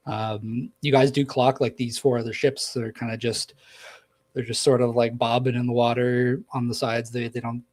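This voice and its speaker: Husky-voiced man running a tabletop game. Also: medium pitch, little pitch movement, moderate pace, a little mellow, low-quality recording. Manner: casual, filler-heavy narration. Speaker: game master.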